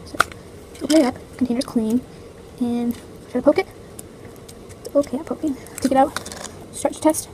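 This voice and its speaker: A woman's voice: sits high, fairly even intonation, normal speed, pauses often, warm tone, slight background noise, poor audio. A teenage girl chatting through a casual, playful unboxing vlog, complaining dramatically. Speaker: vlogger.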